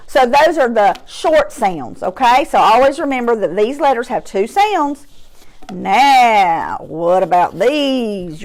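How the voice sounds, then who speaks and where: Slow, patient teacher woman, lilt. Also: fairly high pitch. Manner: slow, patient, sing-song prompting with exaggerated sounds. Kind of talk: phonics lesson for young children.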